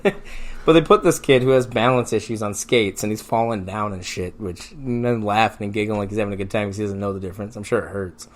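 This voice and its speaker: A man's voice: on the low side, fast talker. A man co-hosting a podcast, telling crude comic stories in casual chat and laughing often through them. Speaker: podcast co-host.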